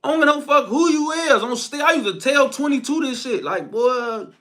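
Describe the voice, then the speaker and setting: A young man giving a crude, animated solo commentary rant, laughing as he goes. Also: extremely high pitch, normal speed. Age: young adult.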